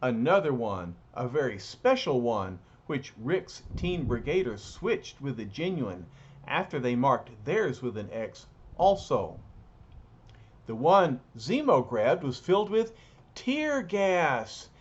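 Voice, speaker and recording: Man playing a composed patriotic leader, husky, unhurried. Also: mid-range voice, dull audio, heavily acted. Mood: calm. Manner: calm, explaining. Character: calm heroic male soldier leader.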